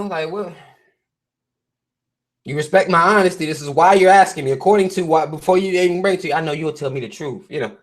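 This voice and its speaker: A man with a fairly high speaking voice hosts a live stream, reading memes aloud and picking them apart. He rants bluntly and swears constantly in loose, offhand commentary. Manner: blunt, heavily profane ranting; reads memes and articles aloud to viewers.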